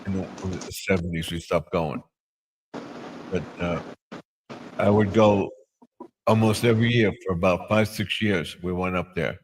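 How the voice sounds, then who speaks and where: Older man, low voice, rambling chat. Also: measured pace, pauses often, background noise. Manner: rambling, with many restarts and fillers. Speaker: live stream host. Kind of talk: casual chat.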